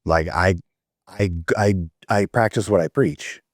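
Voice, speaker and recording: Deep male guest, earnest storyteller, dry video-call sound. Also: unhurried, no room sound. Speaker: guest, men's community founder. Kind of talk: conversational storytelling.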